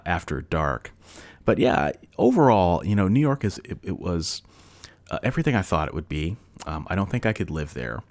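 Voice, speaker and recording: A man hosting a casual solo podcast, telling loose stories with lots of fillers and restarts, chuckling now and then. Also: low-pitched. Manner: rambling, loose delivery with many fillers and restarts. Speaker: podcast host.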